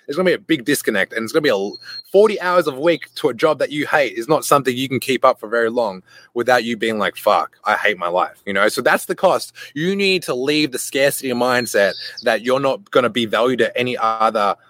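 A young adult man hosting a podcast, telling a casual story full of cursing, who jumps into quick voices for the people in his anecdote. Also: mid-range voice, no room sound. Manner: animated, swears freely, acts out voices in anecdotes. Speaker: podcast host.

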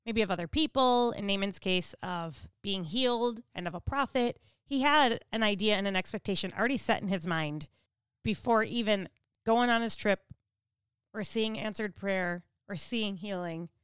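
Smooth-voiced woman giving a devotional talk. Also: medium pitch, moderate pace, fairly bright tone, dry recording, studio quality. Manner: conversational, asks listeners direct questions. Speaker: devotional speaker. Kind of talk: devotional teaching.

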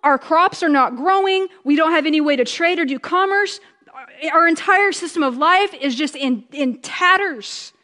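A woman preaching a conversational sermon, chatty and joking, slowing down for emphasis. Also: high voice, fairly bright tone, in a large hall.

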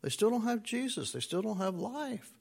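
A pastor delivers a conversational sermon in a high, sing-song voice with vocal fry and a darkish tone. He draws out key words for emphasis, checks in with the congregation, and tosses in playful asides.

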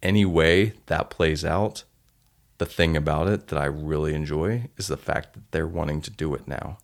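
A man's voice: extremely low pitch, normal speed, creaky. A man hosting a solo podcast, telling stories in an earnest, heartfelt way. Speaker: podcast host.

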